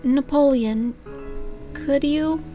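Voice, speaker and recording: A soft, caring young creature girl, played by a woman in a read-aloud storybook. She sounds a little higher than the reader's own voice and speaks gently and comfortingly. Faint music plays underneath. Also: drawn-out words. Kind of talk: fan fiction reading.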